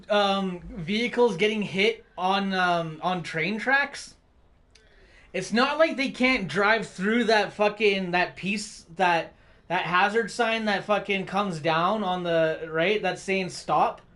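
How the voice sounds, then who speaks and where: High-pitched dude on stream ranting about the road, tons of swearing and likes and dudes. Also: male voice, fairly bright tone. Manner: profane, rambling, heavy on fillers. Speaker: live streamer. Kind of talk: casual rant.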